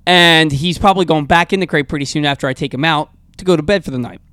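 Lively higher-voiced male radio host. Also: quick pace, clear, resonant tone, dry recording. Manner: animated rambling storyteller, restarts often. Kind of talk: casual talk radio chat.

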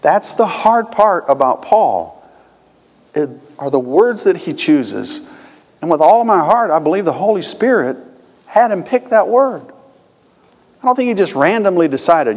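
A man preaching a sermon as pastor, swinging between quiet conversational asides and loud, emphatic peaks. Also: high voice, sing-song, measured pace, dull audio. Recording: long hall reverb.

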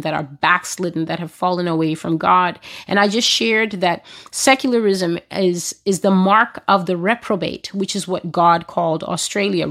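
A woman's voice: mid-range voice, gravelly. Earnest woman sharing prophetic visions. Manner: earnest, deliberate, with occasional halting restarts. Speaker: prophecy blogger. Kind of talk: spoken prophetic testimony.

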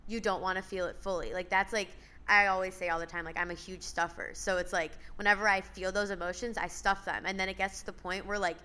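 Bright-voiced young woman, earnest chat. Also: medium pitch, fairly even intonation, fast, few pauses, clean tone. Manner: earnest, fills speech with "like". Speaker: speaker and podcast guest. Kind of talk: casual chat.

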